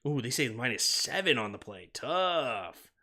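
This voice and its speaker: A male livestream sports host calls football plays in short, clipped bursts, and he also reads viewer comments aloud and responds to them. His mid-range voice swings widely in pitch at a measured pace, sounding pushed and bright.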